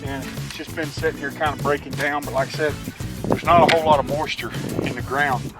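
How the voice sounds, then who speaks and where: A man's voice: on the high side, steady tone, fairly quick, over loud music, poor audio. A man casually explaining outdoor homestead work in an easygoing, plainspoken way, with frequent restarts. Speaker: homesteader showing his work.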